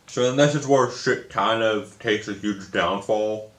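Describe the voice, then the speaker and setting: A young man with a fairly low voice rants through a casual story. He sounds frustrated, swears a lot and often repeats himself. The room around him is echoey. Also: a little slow. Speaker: video creator.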